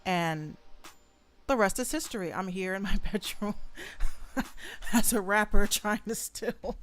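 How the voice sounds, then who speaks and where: A woman's voice: medium pitch, slow pace. A young adult woman hosting a casual solo podcast from her bedroom, talking bluntly with plenty of swearing. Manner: blunt, profane and animated. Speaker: podcast host and rapper.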